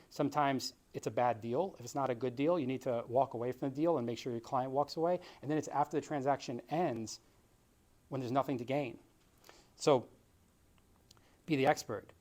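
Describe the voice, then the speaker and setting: A man's voice: medium pitch, brisk, a little mellow. A man in his thirties giving an earnest, conversational motivational talk as a realtor and author, often calling his listeners guys.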